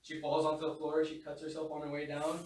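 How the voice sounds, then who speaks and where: A man's voice: fairly high pitch, completely flat delivery, fast, darkish tone, slight background noise. A young man tells rowdy stories in a loose, profane way, laughing along with himself. His voice sits in a middle range and comes from some distance off the mic. The room around him is hollow and echoey. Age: young adult. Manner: swears a lot, laughs while telling stories. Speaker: podcast guest. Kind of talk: casual storytelling chat.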